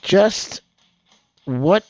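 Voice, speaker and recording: A man's voice: high voice, expressive, extremely slow, darkish tone, no echo. A man hosting his own news commentary, reading reports aloud and rambling about them with frequent restarts. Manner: rambling, restarts often, mocks what he reads. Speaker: host of a news commentary channel. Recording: dull lo-fi dry recording.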